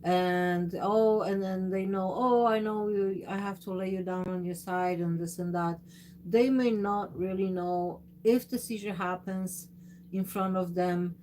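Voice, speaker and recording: Halting, motherly livestream host woman. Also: mid-range voice, fairly even intonation, a little mellow, a little hiss or hum. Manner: halting, many fillers and restarts. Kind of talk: casual livestream chat.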